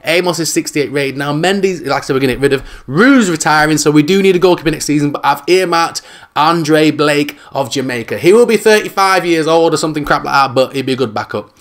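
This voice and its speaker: A man giving casual, jokey commentary over his own football video game, loud and excitable at big moments. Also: fairly high pitch, fast talker. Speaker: gaming YouTuber.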